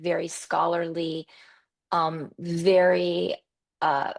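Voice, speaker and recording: A middle-aged woman telling personal stories in an animated conversational way, repeating words for emphasis. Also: fairly low pitch, slow, creaky. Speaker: podcast host as interview guest. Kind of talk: conversational storytelling.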